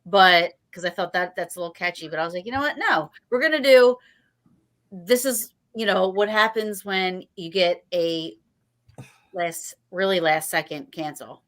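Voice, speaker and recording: A woman's voice: lowish voice, moderate pace, a bit bright. A woman hosting a casual livestream chat, rambling with lots of restarts and fillers. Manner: rambling, full of "you know" and restarts. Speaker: host.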